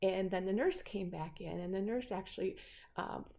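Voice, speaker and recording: A woman's voice: mid-range voice, moderate pace, creaky, dark tone. A middle-aged woman casually telling a personal story, rambling with many fillers and restarts. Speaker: speaker sharing a personal story.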